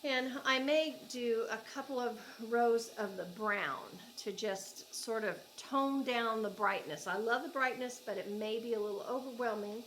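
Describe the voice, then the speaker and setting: A woman's voice: fairly high pitch, unhurried, few pauses, fairly bright tone, a little hiss or hum, low-quality recording. A woman with an Oklahoma accent, chatting casually and gushing as she unboxes yarn at home for her crochet vlog. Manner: chatty, gushing, thinks aloud. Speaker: crochet vlogger.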